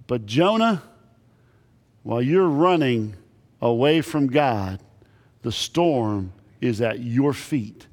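A male pastor preaching a sermon with emphatic delivery and dramatic pauses, dropping low on his key lines. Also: lively intonation, a little mellow. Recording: long reverb in large hall.

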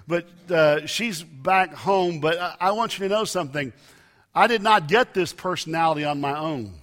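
A man preaching a sermon, with emphatic loud rises and soft drops. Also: sits high. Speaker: pastor. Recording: long reverb of a large hall.

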